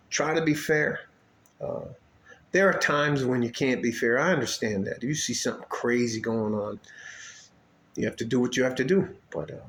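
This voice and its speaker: Guy vlogging off the cuff, mid-pitched, loose, cussing, keeps restarting sentences. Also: fairly bright tone, a little hiss or hum. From West Texas, El Paso. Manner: profane, laid-back, trailing restarts and chuckles. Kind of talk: casual rambling monologue.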